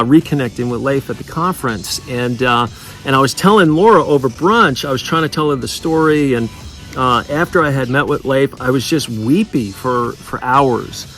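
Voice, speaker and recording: A man sharing a personal testimony in an unhurried, conversational way. He stumbles often, restarting phrases and filling pauses as he goes. His voice sits at an ordinary middle pitch. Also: fairly bright tone. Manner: halting, full of fillers and restarts. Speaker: ministry leader. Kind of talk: casual spoken testimony.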